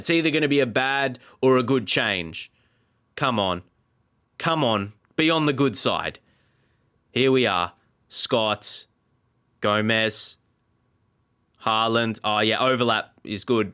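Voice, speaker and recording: A man's voice: medium pitch, pushed and bright, smooth. A man giving let's play commentary as a gaming YouTuber, often exasperated and talking back at the game.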